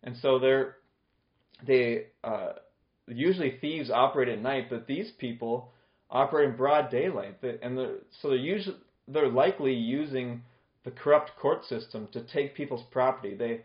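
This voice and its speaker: A man's voice: medium pitch, normal speed. A male pastor giving an expository sermon in a conversational way, explaining scripture with plain everyday examples. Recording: echoey room, dull lo-fi sound.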